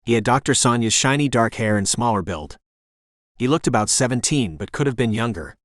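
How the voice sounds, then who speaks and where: A man narrating a romance audiobook in the first person, in an even storytelling manner. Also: mid-range voice, brisk, no room sound, clean studio sound.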